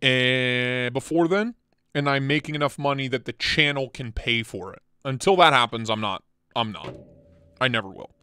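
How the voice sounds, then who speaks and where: A casual, blunt man hosting a chat stream, excitable and quick to swear, sounding tired. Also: mid-range voice, clean tone, no room sound, clean studio sound. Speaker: channel host.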